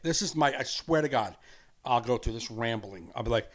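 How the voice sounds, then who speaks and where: An earnest, rambling man hosts a casual podcast. His voice sits at a middle pitch, and he laughs easily as he talks things through. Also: a little fast. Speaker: podcast host.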